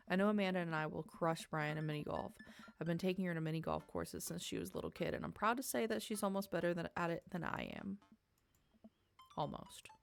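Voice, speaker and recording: A woman's voice: fairly low pitch, creaky. A woman playing through a dating game, chatting and reading its dialogue aloud with wry asides. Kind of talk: casual game playthrough with read-aloud dialogue.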